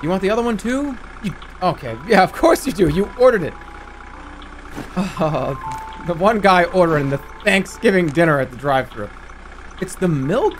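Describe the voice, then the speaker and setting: A man in his thirties playing a video game, swearing and swinging between low mutters and excited yelps. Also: normal speed, a little hiss or hum. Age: 30s. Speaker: streamer. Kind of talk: let's play commentary.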